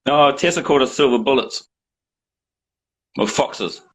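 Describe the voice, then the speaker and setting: A man's voice: mid-range voice, expressive, unhurried, a bit bright, husky, low-quality recording. A man in his forties chatting casually and joking at his own expense on a video call from home. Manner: joking, self-mocking. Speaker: director hosting a watch party. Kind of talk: casual chat.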